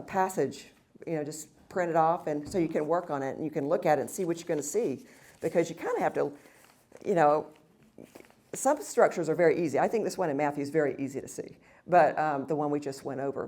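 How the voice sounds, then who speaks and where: A woman's voice: sits low, animated, fast talker, warm tone. A woman teaching a Bible study session at a women's retreat, reading verses aloud and then explaining them with frequent fillers and restarts.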